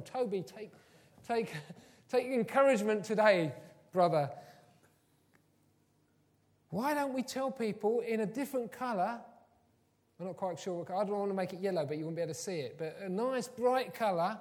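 A pastor delivers a sermon with a fairly high voice that echoes through a large church hall. He tells stories warmly and shifts between hushed, low passages and loud, emphatic lines. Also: normal speed, long pauses. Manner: warm storytelling, swings from soft and low to loud and emphatic. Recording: long hall reverb.

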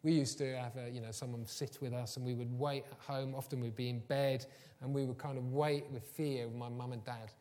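A man preaching a sermon, telling personal stories, moving from quiet and low to loud and emphatic. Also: fairly even intonation, brisk. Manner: warm storytelling, swings from soft and low to loud and emphatic. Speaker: pastor. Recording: long hall reverb.

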